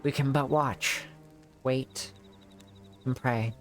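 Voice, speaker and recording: A man voicing a solemn, formal male official in a game, reading in a measured way. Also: mid-range voice, fairly even intonation, faint music behind, lightly acted.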